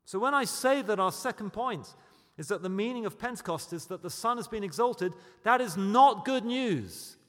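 A man preaching a sermon, moving between loud, emphatic declarations and quiet, storytelling asides. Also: high voice, lively intonation, moderate pace. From Britain. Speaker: pastor. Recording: long hall reverb.

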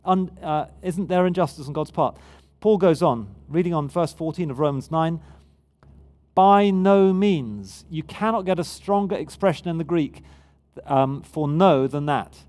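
A man's voice: fairly high pitch, moderate pace, darkish tone. A man preaching a sermon in a conversational yet emphatic way. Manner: conversational, emphatic, with frequent restarts.

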